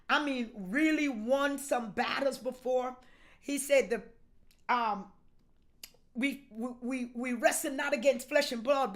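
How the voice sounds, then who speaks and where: A woman pastor with a high voice preaches a sermon. She repeats her lines and calls on the congregation to say them back, dropping to hushed urging and rising to loud shouts. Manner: call-and-response, repeats phrases.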